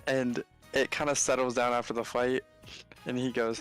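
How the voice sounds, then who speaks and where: A man co-commentating on a game stream, telling a rambling anecdote in a relaxed, casual way. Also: mid-range voice, moderate pace, soft background music. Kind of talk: casual storytelling.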